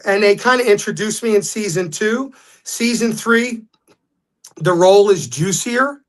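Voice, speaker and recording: A man, a guest telling stories in a casual interview, animated when quoting others. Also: high voice, a little slow.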